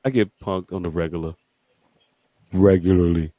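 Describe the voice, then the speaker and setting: A man co-hosting a podcast, telling stories in casual chat with lots of swearing and sudden high-pitched quoted voices. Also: moderate pace, no room sound, muffled recording. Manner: animated storytelling, swearing, jumps to high voices when quoting people. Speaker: podcast co-host.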